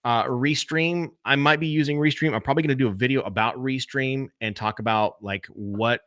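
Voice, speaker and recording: A man's voice: medium pitch, fairly quick, a bit bright, no room sound. A man hosting a casual live-stream Q&A about podcasting, chatting loosely and speaking straight to his viewers. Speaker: podcast host.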